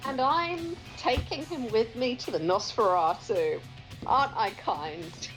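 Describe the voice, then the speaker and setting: ゆっくり話す高めの声の女性プレイヤー. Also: female voice, fairly high pitch, lively intonation, faint music behind, low-quality recording. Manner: slow, thoughtful, deliberate. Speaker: player. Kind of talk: tabletop role-play as a player.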